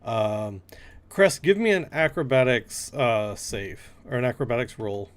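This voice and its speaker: A man's voice: mid-range voice, unhurried. A man narrating a fantasy scene as game master, improvising descriptions as he goes.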